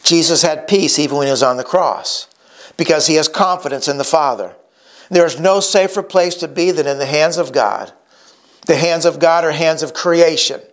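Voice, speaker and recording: A middle-aged male pastor preaching a sermon, emphatic and slowing down to stress key words. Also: on the high side.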